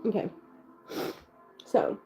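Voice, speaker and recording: A woman's voice: drawn-out words, warm tone, faint music behind. A young woman doing a casual tarot reading livestream, rambling, full of fillers and swearing offhandedly. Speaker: tarot reader. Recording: dull lo-fi sound.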